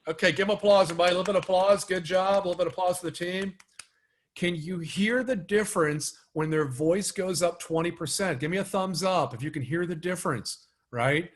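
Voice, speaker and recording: A fairly high-voiced man runs a remote training session over a video call. He coaches his trainees in an upbeat voice and keeps pushing them to go bigger. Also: brisk. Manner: upbeat coaching, urging participants on. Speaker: sales trainer. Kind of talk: live online training session.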